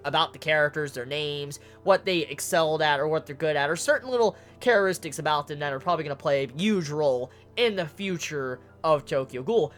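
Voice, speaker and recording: Excitable, swearing manga reviewer with lively pitch. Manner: excitable, profane ranting with stuttered repeats. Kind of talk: casual video commentary.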